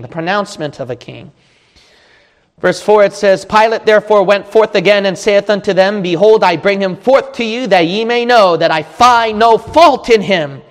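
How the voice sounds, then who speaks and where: A man preaching a sermon with passion, building from slow teaching up to shouting and crying out. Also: high voice. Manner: impassioned, rising to shouts and cries. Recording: long hall reverb.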